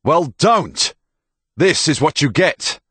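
A man with a deep, gravelly voice, playing a gruff soldier in an audiobook who barks and scolds. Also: slow pace, no echo, exaggerated voice. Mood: angry. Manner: barking, scolding. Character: gruff, hot-tempered male soldier.

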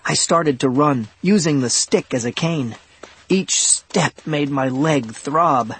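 A man narrating a children's adventure audiobook in the first person, with lively, dramatic storytelling. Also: fairly high pitch, slow, breathy edge.

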